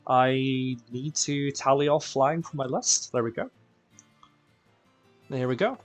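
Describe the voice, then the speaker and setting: Speaking slowly at a medium pitch, this male raid host from Northern Ireland chats casually on his live stream, greeting viewers by name and poking fun at himself. He's tired and quieter than usual, with a mixed Northern Irish accent and faint music in the background.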